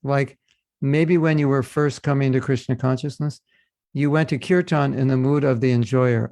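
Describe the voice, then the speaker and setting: A man's voice: mid-range voice, fairly even intonation, moderate pace, warm tone, no echo. A man teaching a devotional class, earnest and addressing listeners with rhetorical questions. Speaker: spiritual teacher.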